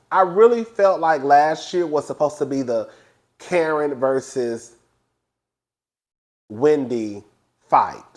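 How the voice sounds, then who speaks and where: A man reviewing a reality TV episode in casual, animated, gossipy commentary. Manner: animated, gossipy, acts out quotes in high voices.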